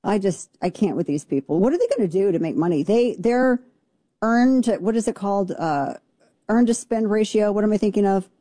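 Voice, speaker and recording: A woman hosting a talk radio show, giving brash, sarcastic and opinionated commentary in a fast, punchy delivery. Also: mid-range voice, animated, dark tone, no room sound, clean studio sound.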